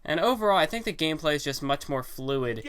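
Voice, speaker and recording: A man's voice: a little high, animated, a little fast, a crowd in the background. A young man giving casual, rambling commentary on a wrestling video game, full of fillers and self-corrections. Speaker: gaming channel host. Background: game music.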